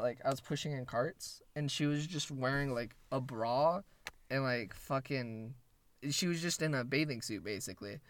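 A man's voice: medium pitch, clear, resonant tone. A young man casually telling funny stories among friends, laid back, swearing freely and laughing as he goes. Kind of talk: casual storytelling chat.

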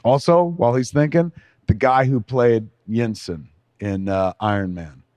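A middle-aged man co-hosting a casual podcast, swearing freely and telling stories with feeling. His voice sits in an ordinary middle pitch. The sound is dry and close. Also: a little slow, no room sound. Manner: profane, emotional, animated storytelling. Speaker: podcast co-host. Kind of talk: casual chat.

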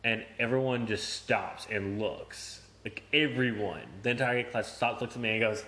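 In a podcast chat, a young man recounts a story at normal speed in a steady, medium-pitched voice with a sharp tone. His telling is profane and punctuated by laughter and acted-out quotes.

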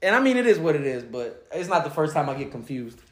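A man co-hosting a loose conversation, spinning stories and acting out other people's lines with a laugh in his voice. His voice sits a little high. The room around him rings with echo. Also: quick pace. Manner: animated, acts out quotes, laughs often. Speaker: podcast co-host. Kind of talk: casual storytelling chat. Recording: echoey room.

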